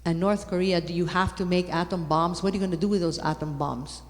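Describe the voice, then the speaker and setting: Woman speaker, low-leaning voice, emphatic conference talk in a reverberant hall. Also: a little fast. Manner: lively, repeats for emphasis, rising to loud exclamations. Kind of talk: animated talk on faith.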